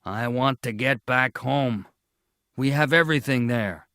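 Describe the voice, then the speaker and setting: A man voicing a stubborn, forceful father in a storybook reading, speaking emphatically and commandingly. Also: mid-range voice, a little slow, no echo, studio quality. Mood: emphatic.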